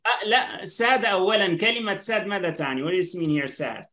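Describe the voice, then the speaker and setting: Bright-voiced woman teaching online. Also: on the low side, racing, a little hiss or hum. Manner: mixes English and Arabic, asks "right?" constantly. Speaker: English teacher.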